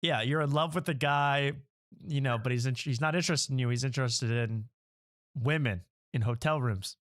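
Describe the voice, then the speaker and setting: Male host, casual joking chat, laughs a lot, mid pitch. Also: normal speed, a bit bright. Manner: joking, mocking, laughs often.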